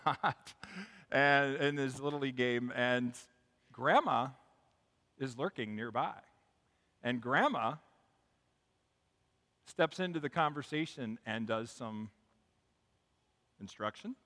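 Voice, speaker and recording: A man's voice: mid-range voice, pushed and bright. A man preaching as pastor of his church, chatty and upbeat, telling jokes and stories to the congregation. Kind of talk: sermon. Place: church sanctuary. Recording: long hall reverb.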